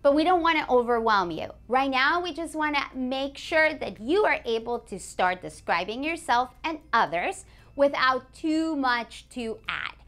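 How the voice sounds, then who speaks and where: A woman teaching a beginners' language lesson, a native Spanish speaker who says example phrases slowly and clearly and praises the learner. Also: sits high, lively intonation, a bit bright. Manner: clear, slow modeling of example phrases, encouraging.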